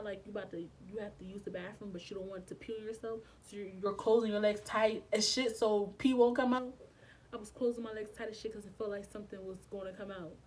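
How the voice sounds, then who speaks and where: A woman's voice: medium pitch, a little mellow, distant mic, slight background noise, low-quality recording. A young woman, telling a painful personal story in a casual, emotional way, with frequent swearing and slang. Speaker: vlogger. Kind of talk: storytime vlog.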